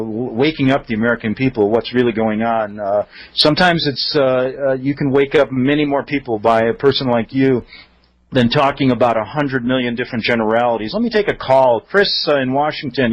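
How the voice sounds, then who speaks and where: A man hosting a radio call-in show, asking questions in a measured, supportive way. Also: medium pitch, no echo, muffled recording.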